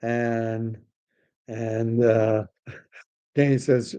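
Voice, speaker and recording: A man's voice: mid-range voice, flat delivery, measured pace, a little mellow. Rambling contrarian man hosting a livestream. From Canada. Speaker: livestream host. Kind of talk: casual livestream commentary.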